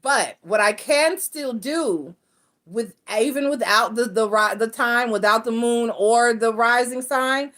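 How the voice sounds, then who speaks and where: A woman's voice: a little high, fairly bright tone. Rambling woman reader. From North Carolina. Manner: rambling, restarts and self-corrections, talks to her cat mid-stream. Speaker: tarot and astrology reader. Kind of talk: casual explanatory chat to viewers.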